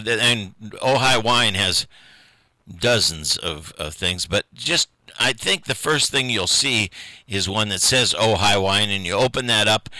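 A man's voice: lowish voice, sharp tone, no echo. An older man, hosting a local radio show alone in a folksy, rambling, self-deprecating way, often chuckling. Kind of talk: rambling solo radio chat.

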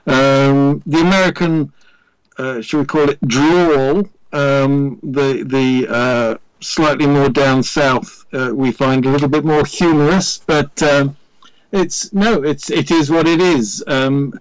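A man from Wales with a British accent, a radio presenter speaking as a guest over a remote line, pausing often with fillers and restarts. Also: mid-range voice, fairly even intonation, smooth, no room sound, low-quality recording. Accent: Welsh-influenced British English. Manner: hesitant, many fillers and restarts. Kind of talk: casual interview chat. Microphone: remote line to studio.

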